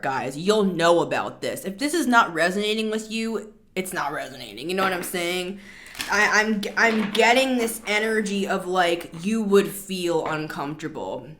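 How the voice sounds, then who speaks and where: A woman's voice: lowish voice, normal speed. Chatty rambling tarot reader, woman. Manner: chatty, rambling, animated asides. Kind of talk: casual tarot reading.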